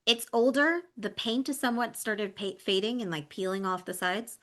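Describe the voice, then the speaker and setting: A woman narrating as game master of a tabletop role-play, describing scenes with frequent ums and pauses. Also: medium pitch, a bit bright. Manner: descriptive, hesitant with many ums.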